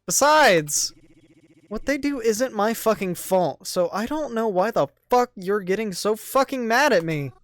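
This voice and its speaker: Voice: mid-range voice, expressive, measured pace, dry recording, studio quality, voice pushed up, close to an everyday voice. A voice actor doing a furious swearing young man. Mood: scornful. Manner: shouting, swearing, contemptuous. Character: angry foul-mouthed young man.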